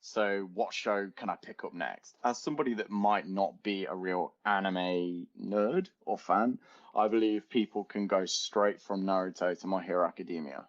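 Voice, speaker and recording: A young man with a lowish voice chats his way through a podcast, rambling and laughing as he goes. The recording is dull and lo-fi, like a home setup. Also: moderate pace. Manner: rambling, laughs often, chatty. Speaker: podcast co-host. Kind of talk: casual chat.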